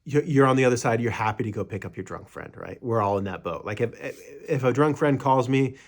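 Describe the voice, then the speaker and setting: A man's voice: mid-range voice, fast. A young man teaching meditation in a casual, rambling way, with many fillers and restarts, sometimes acting out what a friend might say.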